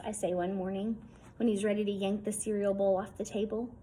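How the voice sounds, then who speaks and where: A woman's voice: mid-range voice, flat delivery, brisk, warm tone, husky, rough recording. A woman reading a novel aloud in a casual, wry first-person storytelling tone. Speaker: audiobook reader.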